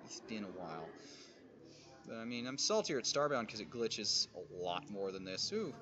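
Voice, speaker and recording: A man streaming a survival game, muttering and grumbling and swearing at creatures, with sudden loud outbursts. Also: on the low side, sing-song, moderate pace, lo-fi sound, soft background music. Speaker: gaming streamer. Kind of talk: casual let's-play commentary.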